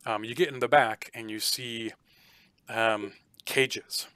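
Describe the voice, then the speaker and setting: A man narrating a tabletop game as game master, halting with many fillers and restarts. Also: mid-range voice, fairly even intonation, sharp tone, clear, resonant tone, no echo.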